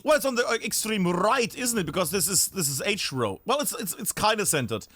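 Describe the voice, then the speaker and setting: Chatty male streamer, lively pitch. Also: a little fast, husky. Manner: chatty, thinking aloud, self-interrupting. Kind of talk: live game stream commentary.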